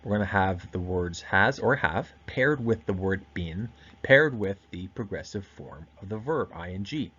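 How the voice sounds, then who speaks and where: A man giving a recorded grammar lesson, explaining step by step and slowing down to stress key words. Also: low voice, animated, a bit bright, breathy edge, dull audio. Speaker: teacher.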